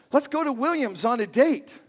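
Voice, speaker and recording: A man preaching a sermon to his congregation in a playful, animated way, joking with the crowd and asking for shows of hands. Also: very high voice, big-room sound. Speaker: pastor. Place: large church sanctuary.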